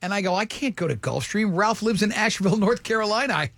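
A man hosting a morning radio show, telling a rambling, self-mocking story in a casual, animated way. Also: sits high, quick pace, vocal fry, dry recording, studio quality.

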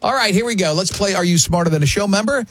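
A man hosting a radio show, running a trivia game with casual, joking banter and quick asides. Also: high-pitched, fairly bright tone, no echo.

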